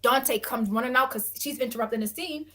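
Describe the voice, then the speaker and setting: A woman guest on an interview podcast, telling a story in a blunt, dramatic and expressive way, acting out other people. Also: on the high side, a little fast. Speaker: guest, reality dating show cast member.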